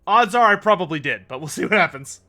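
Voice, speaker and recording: Streaming a strategy game, this man keeps up casual commentary, chatting, reasoning out loud, and fielding questions from viewers. He has a high, pushed, bright voice with lively intonation and a fast delivery.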